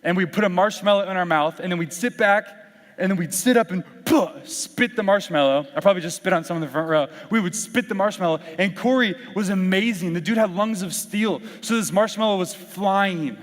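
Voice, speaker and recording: A young man preaching to a youth group in a casual, animated storytelling way, slipping into acted-out quotes from friends. His voice sits fairly high for a man. The sound carries the long reverb of a big hall. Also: brisk. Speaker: youth pastor. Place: large hall with audience.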